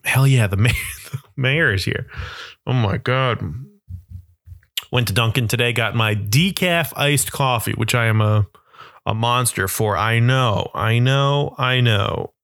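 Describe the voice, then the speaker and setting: Bright, rambling man telling stories. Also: medium pitch, measured pace, no room sound, studio quality. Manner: rambling, self-deprecating, animated storytelling. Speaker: comedian. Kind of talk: comedic monologue.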